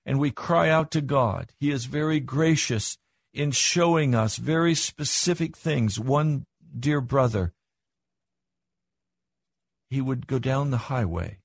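An older man preaching a sermon as pastor, earnest, with his voice rising for emphasis. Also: no room sound. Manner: earnest, rises in pitch for emphasis.

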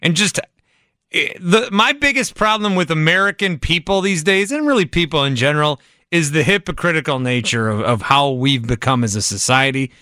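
A man's voice: on the high side, lively intonation, moderate pace, bright, forceful tone, no echo. A man hosting a sports talk radio show, bantering and joking with his co-host from a studio. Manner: joking, doing impressions. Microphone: studio microphone.

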